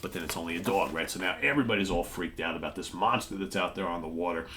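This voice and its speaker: A man with a very low voice hosts a casual comic book review, retelling old stories in a chatty, rambling way. A faint hiss sits behind him. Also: fast, sharp tone. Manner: chatty, recounting stories with filler words. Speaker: comic book show host.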